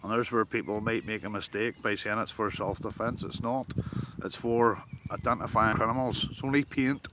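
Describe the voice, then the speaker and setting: A man's voice: lowish voice, fairly even intonation, normal speed, background noise. A man with a Northern Irish accent live-streaming outdoors while fishing, chatting casually, swearing often and answering his viewers' comments. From Northern Ireland.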